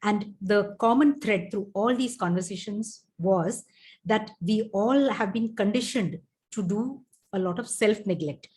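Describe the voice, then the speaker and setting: A woman life coach speaks as a guest on an interview show. She talks fluently and agreeably in a mid-pitched voice. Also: a little slow, darkish tone. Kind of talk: interview conversation.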